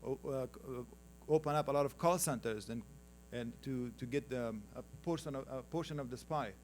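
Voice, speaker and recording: Speaking a bit fast in a mid-range voice, a man from Afghanistan with an Afghan accent presents slides at a conference, with light hiss or hum audible. He keeps things conversational, teases the audience with jokes, and calls for each next slide.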